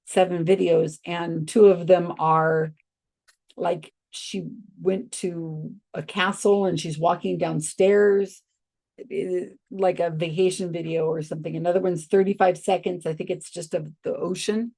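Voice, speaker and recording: A woman hosting a reaction channel, casually and skeptically commenting on a video she has paused. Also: fairly low pitch, steady tone, dark tone.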